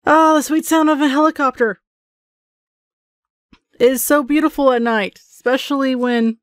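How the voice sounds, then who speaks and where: A woman's voice: high voice, fairly even intonation, unhurried, no room sound, studio quality. Chatty woman narrating a horror game. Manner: chatty, self-mocking, jumpy exclamations. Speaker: gaming channel host. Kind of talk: live gameplay commentary.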